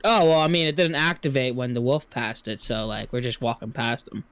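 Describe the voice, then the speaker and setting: A man's voice: mid-range voice, fairly even intonation, fairly quick, fairly bright tone, smooth, no echo. A man playing in a tabletop game, joking and laughing often. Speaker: player. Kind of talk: casual tabletop game chat.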